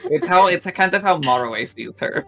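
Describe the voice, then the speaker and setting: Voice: mid-range voice, animated, brisk, gravelly, sharp tone, faint music behind. A player at a tabletop game describing a creation, rambling and searching for words.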